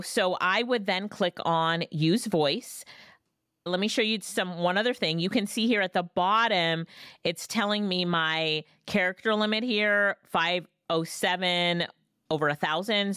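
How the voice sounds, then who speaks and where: A woman hosting a casual software tutorial, chatty and lively, recorded on a studio microphone. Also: on the low side, clear, resonant tone, no room sound. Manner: chatty, lively ups and downs. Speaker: tutorial host. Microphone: studio dynamic mic.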